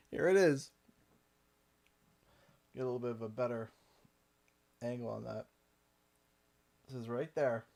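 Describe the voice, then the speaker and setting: A man's voice: mid-range voice, measured pace, creaky, long pauses, darkish tone. A man in his thirties from Canada, chatting casually on a gaming livestream, rambling with lots of fillers and frequent laughs. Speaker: gaming streamer.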